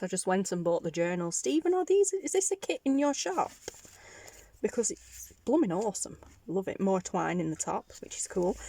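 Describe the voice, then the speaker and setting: A woman's voice: medium pitch, a little mellow, dry recording. A woman with a Northern English accent chatting casually to her viewers, rambling and giggly. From Northern England. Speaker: craft vlogger. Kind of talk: casual chat to camera.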